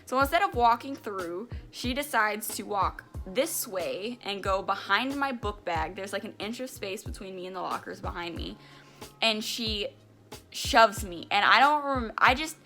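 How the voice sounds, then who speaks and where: A woman's voice: mid-range voice, lively intonation, unhurried, bright, forceful tone, faint music behind. A young woman vlogger animatedly retelling a personal story, with emphatic, casual swearing. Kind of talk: storytime vlog.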